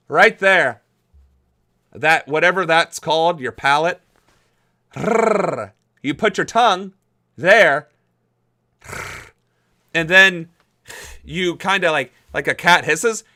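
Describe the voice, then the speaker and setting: Chatty young man, bright dry voice. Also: on the high side, no room sound. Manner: chatty, rambling, laughs easily, many fillers. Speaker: political livestream host. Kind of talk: casual live-stream chat reading chat messages.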